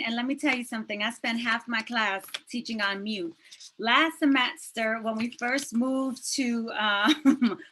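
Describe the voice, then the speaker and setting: A woman hosts a poetry night over a video call, chatty and quick to poke fun at herself. Her voice is bright and forward and sits a little high. She laughs easily between lines. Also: rough recording. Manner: chatty, self-deprecating, laughs while talking. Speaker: host and teacher. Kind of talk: casual event hosting.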